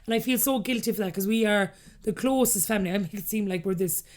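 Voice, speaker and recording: A woman in her thirties with an Irish accent, a podcast guest telling her story candidly and acting out the things people said to her. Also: medium pitch. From Ireland. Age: 30s. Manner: rapid, animated, acts out quoted dialogue.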